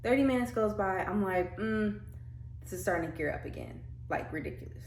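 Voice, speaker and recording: A woman's voice: medium pitch, animated, fairly quick, gravelly, a little mellow, slight background noise. A young woman vlogger telling her birth story in casual chat, full of fillers and acted-out quotes. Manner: chatty, many "like" fillers, acts out quotes. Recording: echoey room with faint ambience.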